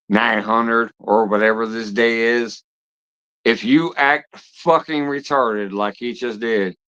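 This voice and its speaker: A man hosting a fishing channel's live stream talks bluntly to his viewers, scolding them and swearing heavily. His voice is fairly low, a bit bright and smooth, and the audio sounds dull.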